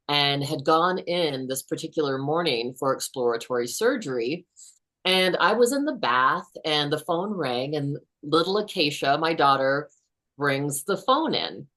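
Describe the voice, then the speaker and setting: A woman in her fifties, a guest author, telling a personal story in an earnest, unhurried way. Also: low voice, a bit bright.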